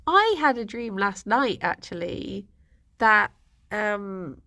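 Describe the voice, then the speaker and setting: A woman's voice: medium pitch, expressive, slow pace, sharp tone. A young woman, chatting casually on a stream and telling rambling stories with lots of giggles. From England. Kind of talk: casual chat.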